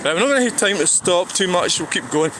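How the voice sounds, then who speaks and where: Out by a road on a walking livestream, a vlogger from Scotland rambles fairly quickly in an expressive, medium-pitched voice. Sighs and restarted thoughts recur, and background noise is audible.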